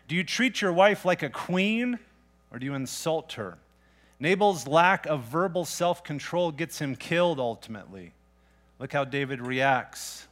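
A man's voice: fairly high pitch, a bit bright. A man preaching a sermon in a plain, conversational way, reading scripture aloud and asking his listeners pointed questions. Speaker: pastor.

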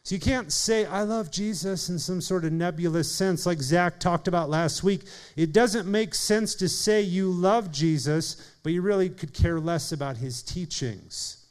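A man preaching a sermon in an earnest way, speeding up and slowing down for emphasis and calling on listeners by name. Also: high voice. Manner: earnest preaching, shifting pace and volume for emphasis. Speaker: pastor.

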